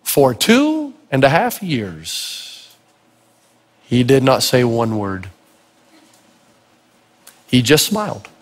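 A man preaching a sermon full of stories, animated and acting out the voices of the people in them, with a husky voice. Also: mid-range voice, drawn-out words, long pauses. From Tennessee. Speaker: pastor. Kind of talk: storytelling sermon. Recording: long reverb of a large hall.

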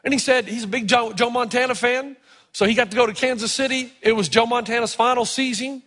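A middle-aged man preaching a sermon, telling stories with animated, sometimes shouted emphasis. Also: extremely high pitch, brisk. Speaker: pastor. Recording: long reverb of a large hall.

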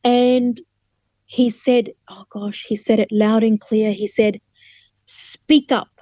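A woman's voice: medium pitch, level tone, slow pace, mellow, no echo. A woman telling a personal testimony as an interview guest, earnest and vivid, with restarts and acted-out quotes.

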